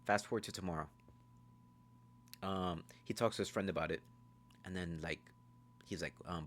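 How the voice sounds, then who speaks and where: A man giving a casual, rambling, profane recap of a movie, telling the story fast. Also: sits low, steady tone, a bit bright, slight background noise. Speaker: movie reviewer.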